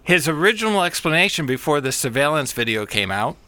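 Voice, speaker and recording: Man co-host with a dry sense of humor. Crisp, smooth, bright voice, recorded close and dry. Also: fairly high pitch, big pitch swings, a little fast, dry recording. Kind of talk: casual chat.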